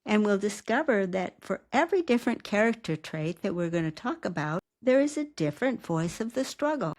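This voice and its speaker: A woman who teaches writing, giving a calm, measured recorded lecture and asking rhetorical questions. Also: lowish voice. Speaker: writing instructor.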